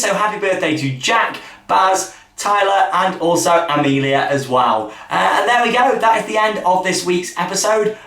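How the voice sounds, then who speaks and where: A man hosting a casual weekly theme park news roundup, chatty and upbeat, with quick asides, recorded in a hotel room. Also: sits high, a bit bright. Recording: echoey room, mic at a distance.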